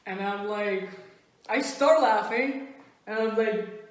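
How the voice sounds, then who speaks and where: A woman doing stand-up, telling a story in an animated way and laughing often. Her first language is Spanish. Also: medium pitch, takes it slowly, heavy reverb, low-quality recording. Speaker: stand-up comedian. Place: comedy club stage.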